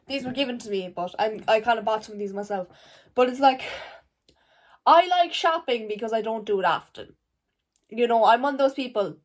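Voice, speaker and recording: An Irish teenage girl vlogs casually at home indoors, rambling to a camera facing her and swearing, with "like" everywhere. Her voice is fairly high and expressive, and she talks a little fast.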